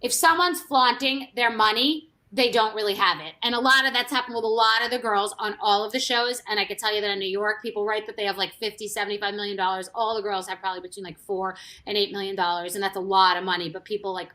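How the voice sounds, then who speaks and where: Rapid and barely pausing, a woman who used to be on reality TV spills gossip candidly, rambling with frequent restarts and side comments. Her medium-pitched voice sounds pushed and bright, and her intonation stays fairly even.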